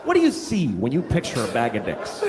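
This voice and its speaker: A man performing a stand-up comedy routine, telling a profane story in a deadpan way with sudden shouted outbursts. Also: mid-range voice, fairly quick. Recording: stand-up clip with background noise.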